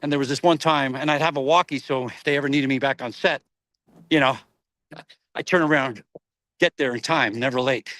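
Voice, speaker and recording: Animated middle-aged man telling stories. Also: medium pitch, a little fast, long pauses, no room sound. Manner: animated, laughs often, acts out voices in anecdotes. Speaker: actor guest. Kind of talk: casual interview storytelling.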